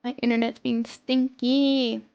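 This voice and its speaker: A woman's voice: a little high, flat delivery, measured pace, vocal fry, lo-fi sound, faint music behind. A woman streamer chatting casually and playfully to her live chat.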